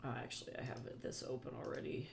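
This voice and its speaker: A man's voice: mid-range voice, fairly even intonation, fast talker, vocal fry, noisy background. A young man who draws comics on a livestream, chatting casually, thinking aloud as he works and answering his chat. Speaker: comic artist streamer.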